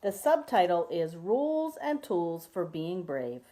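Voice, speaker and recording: A woman minister reads a children's story aloud during worship. Her pitch swings widely as she storytells, rising and dipping to act out the tale. Her delivery is expressive and animated. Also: unhurried.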